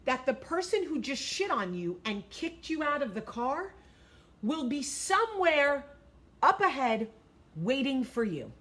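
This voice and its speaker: A woman's voice: high-pitched, very animated, measured pace, a bit bright. Blunt, profane woman in her forties. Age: 40s. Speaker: vlog host. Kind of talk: blunt advice talk.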